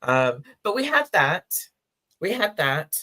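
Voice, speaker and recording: A woman's voice: low-pitched, sing-song, takes it slowly. A woman in her sixties co-hosting a community chat show, telling personal stories in an emotional, chatty way. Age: 60s. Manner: warm, emotional storytelling with laughs. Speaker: co-host. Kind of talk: casual chat.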